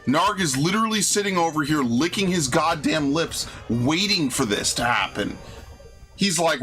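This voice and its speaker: Exasperated New streamer ranting. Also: male voice, fairly high pitch, expressive, moderate pace, pushed and bright, faint music behind. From New York. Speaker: game streamer. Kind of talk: live game stream commentary.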